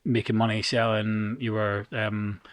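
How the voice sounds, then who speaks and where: A man's voice: lowish voice, level tone, unhurried, no echo. Male podcast host, mid voice, dry recording, prompts with short questions. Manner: brief encouraging interjections. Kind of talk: casual podcast interview.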